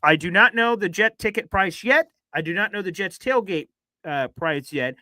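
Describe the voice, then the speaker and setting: Fast-talking high-voiced male host. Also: no room sound. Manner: fast-talking, energetic, chatty. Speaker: podcast host. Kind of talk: casual live-stream chat.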